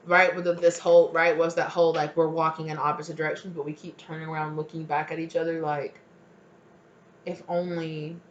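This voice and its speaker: Low-voiced woman giving an emotive tarot reading. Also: highs cut off, a little hiss or hum. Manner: emotive, voices imagined partner's pleas; rambling, many fillers and restarts. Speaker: tarot reader.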